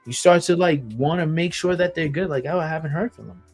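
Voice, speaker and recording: Solo podcast host, male, blunt and emphatic, cursing freely, slightly raised pitch. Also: fairly quick, darkish tone, soft background music. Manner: blunt and emphatic, swears often, repeats phrases.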